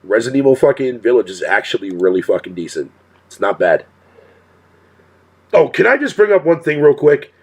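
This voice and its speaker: A man's voice: mid-range voice, big pitch swings, fairly quick, pauses often, husky. A male streamer talking casually to his chat in a profane rant, swearing constantly and laughing often.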